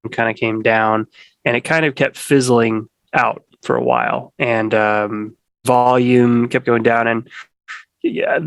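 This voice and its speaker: Halting, rambling man in a dry room. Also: medium pitch, a bit bright, no room sound. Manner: rambling, many restarts and fillers. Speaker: podcast guest. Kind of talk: casual conversation.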